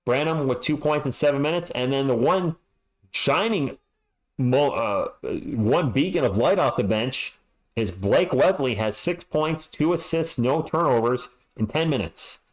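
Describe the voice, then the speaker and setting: Lively, exasperated man talking basketball stats. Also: medium pitch, a little slow, poor audio. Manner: frustrated, sarcastic, reads stats and chat. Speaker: fan livestream host. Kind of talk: halftime stats talk with live chat.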